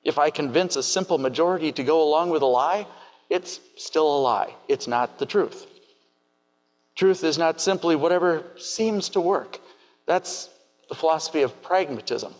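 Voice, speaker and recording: A man preaching a sermon in a measured, questioning way. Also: fairly high pitch, long reverb tail.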